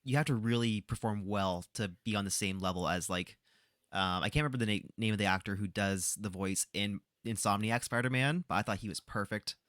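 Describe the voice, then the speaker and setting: A man hosting a podcast, asking questions in a relaxed, agreeable way. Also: fairly low pitch, a little fast, dry recording, clean studio sound. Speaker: podcast host. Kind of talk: casual podcast chat.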